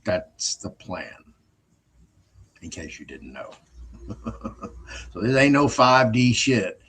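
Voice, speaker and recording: A man's voice: fairly low pitch, sing-song, slow, fairly bright tone, a little hiss or hum. A man hosting his own show, talking in a blunt, profane, scornful casual monologue and laughing between phrases. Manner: laughs between phrases while telling stories. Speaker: show host.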